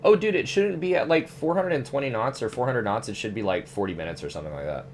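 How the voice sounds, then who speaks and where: Over slight background noise, a fast-talking young man with a medium-pitched voice chats casually while streaming a flight simulator. His manner is laid-back, with occasional swearing and frequent use of "dude."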